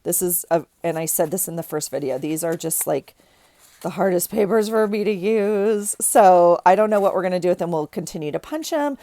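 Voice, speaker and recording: A middle-aged woman talks through her crafting in a casual, rambling way, often restarting her sentences. Her voice is a little low and stuffy from crying. The sound is close and dry. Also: a little fast, mellow, dry recording. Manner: chatty, rambling, with frequent restarts. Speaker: crafting vlogger. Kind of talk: casual craft tutorial chat.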